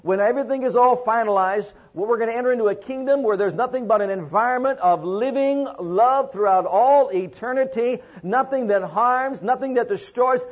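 Husky-voiced man preaching a sermon. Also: extremely high pitch. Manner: call-and-response preaching, drawn-out emphatic phrases. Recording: muffled lo-fi sermon recording.

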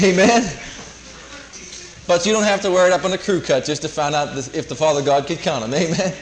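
A man's voice: fairly high pitch, brisk, slight background noise, low-quality recording. A man preaches a sermon. He drives his points home through repetition and quoted scripture, in an emphatic manner.

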